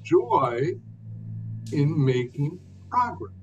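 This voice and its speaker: An older man, a guest telling his story in an expressive, emphatic way, phrase by phrase. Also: fairly high pitch, very slow, slight background noise. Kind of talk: conversational storytelling. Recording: dull lo-fi sound.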